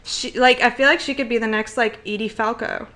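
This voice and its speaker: A woman co-hosting a casual podcast chat, chatty and giggly with quick asides. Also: fairly high pitch, fairly even intonation, sharp tone. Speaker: podcast co-host.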